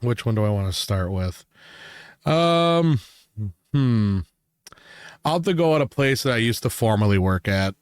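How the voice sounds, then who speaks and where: A man's voice: mid-range voice, expressive, measured pace, long pauses, smooth, no room sound, clean studio sound. A young man co-hosting a casual chat, telling work stories and laughing often as he talks. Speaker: podcast co-host.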